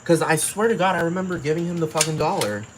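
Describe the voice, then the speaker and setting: A man's voice: fairly high pitch, fast talker, noisy background. A man hosting a solo podcast, rambling and cursing in a casual rant, constantly asking whether the listener gets what he means. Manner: rambling, profane, keeps asking "you know what I'm talking about". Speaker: podcast host. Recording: echoey outdoor recording with crickets.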